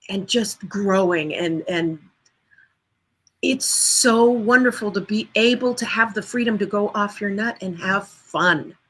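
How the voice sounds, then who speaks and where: A woman vocal coach chatting over a video call. Her voice is bright and forceful, with an enthusiastic, animated delivery that keeps slipping into playful voices. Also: mid-range voice, low-quality recording. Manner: enthusiastic, animated storyteller who slips into voices. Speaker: singer and vocal coach, guest. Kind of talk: casual interview chat.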